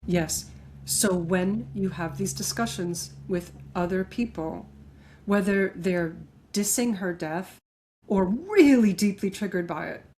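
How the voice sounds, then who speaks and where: A woman co-hosting a podcast who speaks in a gentle, earnest way. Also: lowish voice, slight background noise. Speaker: podcast co-host. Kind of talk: podcast discussion.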